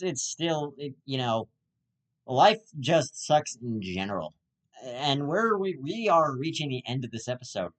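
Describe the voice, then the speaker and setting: A young man hosts his own show and rants through a rambling comedic monologue. He stammers, restarts his sentences and swears often, in a voice of middle pitch. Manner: stammering, profane ranting. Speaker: host.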